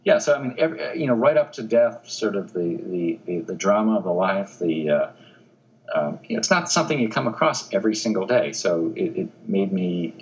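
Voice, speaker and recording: Low-voiced man telling a story. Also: brisk, low-quality recording. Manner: animated storyteller with frequent restarts. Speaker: newspaper obituary editor, guest. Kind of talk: conversational interview anecdote.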